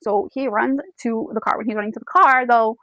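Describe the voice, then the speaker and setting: A woman recaps a book's story, pulling the listener in by calling them "you" and scattering "like" through her talk. Her voice sits a little high, and the sound is close and dry with no room around it. She talks as a book reviewer chatting to her audience. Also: fairly even intonation, fairly quick, sharp tone, no echo, low-quality recording. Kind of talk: casual plot retelling to camera.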